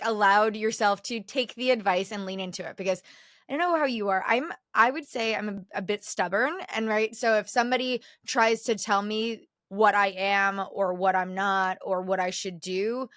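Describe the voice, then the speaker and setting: Higher-voiced woman podcast host. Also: fairly bright tone, no room sound, clean studio sound. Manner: supportive, quick to react and laugh. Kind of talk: casual interview chat.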